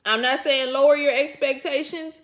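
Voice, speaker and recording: A woman's voice: high-pitched, fairly even intonation, normal speed, fairly bright tone. A woman vlogger telling a personal story to her viewers in casual, colloquial chat, chuckling often as she talks. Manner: talks straight to the audience.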